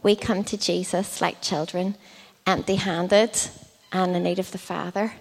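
A woman's voice: fairly low pitch, fairly even intonation, measured pace, vocal fry. A woman preaching a sermon in a conversational way, with frequent ums and likes. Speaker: children's ministry leader preaching. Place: church hall. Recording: long church hall reverb.

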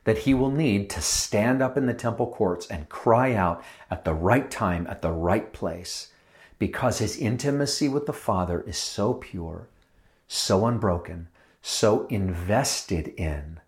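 A man's voice: sits low, a little mellow. A man giving a sermon as a guest speaker, reflective and lingering on phrases with small asides.

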